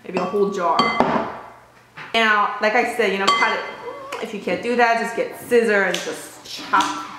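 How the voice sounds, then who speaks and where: A woman's voice: mid-range voice, steady tone, moderate pace. A woman hosting a casual home cooking vlog for her channel. She talks in a playful, chatty, self-mocking way and laughs often. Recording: very echoey room with clicking noise.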